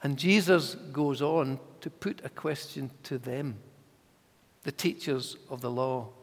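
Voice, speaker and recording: A man preaching a sermon in a church, measured and emphatic, sometimes dropping his voice to a hush. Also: mid-range voice, fairly even intonation, big-room sound.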